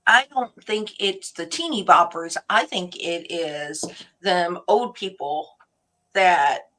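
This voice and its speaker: A woman with a bright, clear voice hosts a relaxed chat, taking her time with each thought. She rambles from topic to topic and laughs often. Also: on the low side, takes it slowly. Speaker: host. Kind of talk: casual livestream chat.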